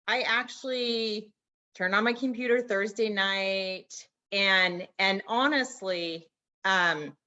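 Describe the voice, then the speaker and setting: Halting, emotional woman on a video call. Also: mid-range voice, sharp tone. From Arizona. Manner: halting, many restarts, near tears. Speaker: network marketing distributor sharing a story. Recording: dull lo-fi video call audio.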